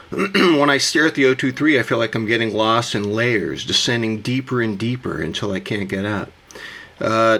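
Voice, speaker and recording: A man in a casual vlog monologue, his voice still rough from the morning. He talks in a theatrical, gushing way and keeps addressing himself mid-thought. His pitch sits right in the middle for a man. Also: fairly bright tone. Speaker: watch collector vlogger.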